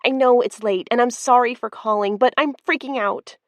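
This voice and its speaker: A blunt, proud young woman caught off guard, her voice pitched high and loud as she rushes out exclaiming questions, as a woman narrator puts her on. She stays agitated, in a dry close recording of an audiobook. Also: expressive, no echo, dull audio, natural voice. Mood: flustered. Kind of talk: audiobook character voice.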